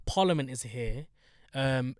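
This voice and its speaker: A man's voice: mid-range voice, measured pace, no room sound, studio quality. A young man with a London accent, chatting casually with slang and swearing. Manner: slangy, animated, swears freely. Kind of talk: casual chat.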